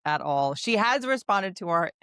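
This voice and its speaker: A woman's voice: medium pitch, animated, normal speed, a bit bright, smooth, dry recording. A woman with a mid-range voice co-hosts a casual book podcast. She jokes about herself and teases the others. The sound is close and dry. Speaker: podcast co-host. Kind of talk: casual book-club chat.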